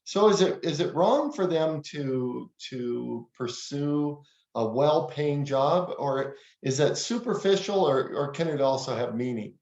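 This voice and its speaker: A man's voice: a little high, animated, measured pace, a little mellow. A man interviewing a guest, asking questions hesitantly and repeating words as he starts. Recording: roomy, dull lo-fi sound.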